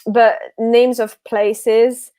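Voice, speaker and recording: French woman in her own voice, a talk-show guest, lively chatty storyteller with a slightly high voice, dry sound. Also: extremely slow, clean tone, dry recording. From France. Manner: chatty, animated storytelling with frequent restarts. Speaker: guest author. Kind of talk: casual chat on a livestream.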